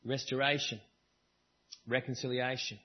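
A man's voice: medium pitch, little pitch movement, unhurried, breathy edge, lo-fi sound. A man preaching a sermon at a church service, in a conversational style with varied emphasis. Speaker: pastor.

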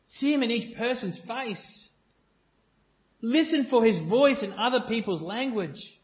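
A pastor with a very high, expressive voice preaches unhurriedly to a congregation, earnest and emphatic. He repeats his phrases and jokes with the crowd, and the recording has a dull lo-fi sound.

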